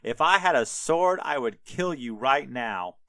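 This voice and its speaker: A man voicing an indignant, bad-tempered sorcerer who yells at his donkey in casual slang. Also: medium pitch, measured pace, gravelly, smooth, no room sound. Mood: angry. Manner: whiny, yelling, slangy.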